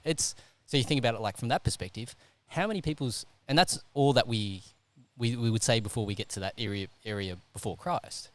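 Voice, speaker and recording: A man hosting a casual chat, working through an idea out loud and checking in with the listener as he goes. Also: medium pitch, fairly quick, few pauses, no echo. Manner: thinks out loud, keeps checking in with "right?".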